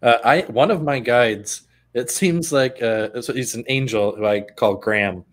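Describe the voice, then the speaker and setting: A man chatting casually as a co-host, with a relaxed, hesitant flow full of fillers. He laughs often as he talks, and his voice sits at an ordinary middle pitch. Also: measured pace. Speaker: podcast co-host. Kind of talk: casual conversation.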